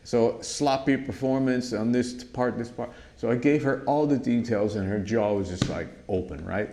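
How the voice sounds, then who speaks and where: A man's voice: mid-range voice, normal speed, few pauses. A drum instructor telling a story in a casual, emphatic monologue, often restarting his sentences. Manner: animated, emphatic, frequent restarts.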